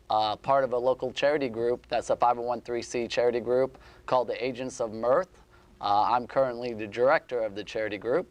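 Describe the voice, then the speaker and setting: A man's voice: medium pitch, clean tone. A man hosting a casual convention panel, explaining plainly and laughing easily. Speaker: panel host.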